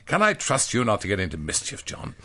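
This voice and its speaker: A man's voice: fairly low pitch, wildly swooping pitch, fairly quick, bright, forceful tone, exaggerated voice. A man reading a storybook, voicing a sensible, slightly bossy woman who speaks in a motherly, questioning way. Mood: stern.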